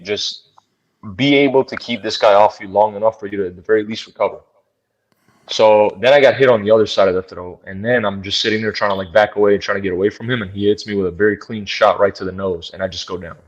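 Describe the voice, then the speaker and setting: A man, a bare knuckle fighter, telling a fight story in an interview in a blunt, profane, animated way. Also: on the low side, lo-fi sound.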